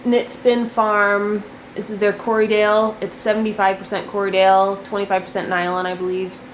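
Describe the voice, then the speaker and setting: A chatty young woman shows off her knitting in a relaxed, gushing way, stacking up repeated words when she gets excited. Her voice sits at an ordinary pitch for a woman. It bounces around an echoey room with a faint hiss behind it. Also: moderate pace. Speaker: knitting podcast host. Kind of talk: casual show-and-tell chat.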